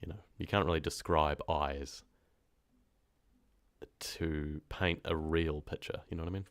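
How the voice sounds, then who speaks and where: A deep-voiced man chats casually with his live-stream viewers. He rambles in a relaxed way and laughs easily. His voice sounds dry and close, with no room echo. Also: measured pace. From New Zealand. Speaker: horror story narrator and streamer.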